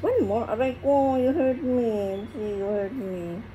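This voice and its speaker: Filipino woman coaxing her cat, slow. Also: on the high side, warm tone, highs cut off, a little hiss or hum. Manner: coaxing, soothing baby talk to a cat, mixing two languages. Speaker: pet owner cutting her cat's nails. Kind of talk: casual talk to a pet.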